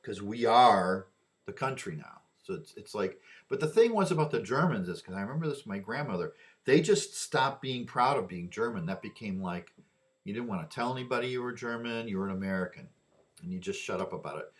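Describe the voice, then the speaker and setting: A man's voice: lowish voice, lively intonation, brisk. A man delivering a rambling opinion monologue, often repeating and restarting his words.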